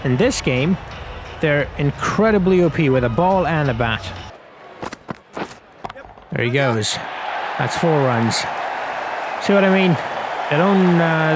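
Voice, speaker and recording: A young man with a fairly high voice talks through a cricket video game in a chatty, self-mocking way, laughing often. The roar of a stadium crowd and steady noise sit clearly behind him. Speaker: gaming commentator. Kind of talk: casual commentary over a cricket video game.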